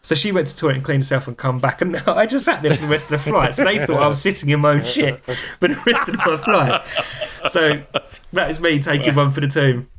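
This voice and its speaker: Chatty man, a bit high. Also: lively intonation, a little fast, a crowd in the background. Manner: chatty, laughing, acts out quoted voices. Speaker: podcast guest. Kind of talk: casual storytelling. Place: studio.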